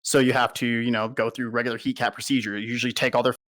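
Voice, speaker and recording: Blunt, profane young soldier telling stories. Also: male voice, mid-range voice, level tone, racing, fairly bright tone. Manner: blunt, heavily profane storytelling. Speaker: soldier interviewee. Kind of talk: candid personal account.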